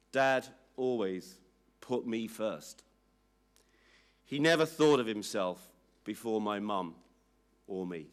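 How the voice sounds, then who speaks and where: A man slowly and solemnly reading a family statement aloud at a public inquiry hearing. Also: medium pitch. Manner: slow, measured, solemn reading.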